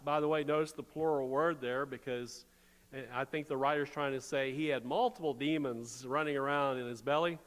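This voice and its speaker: A man's voice: mid-range voice, steady tone, normal speed, a bit bright. A man preaching a sermon as pastor, conversational, with wry asides. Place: church sanctuary. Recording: long church reverb.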